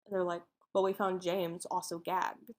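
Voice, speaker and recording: This podcast co-host speaks at a moderate pace in a fairly low, level voice. She's casually walking through a true-crime case, voicing its dialogue in everyday, informal language.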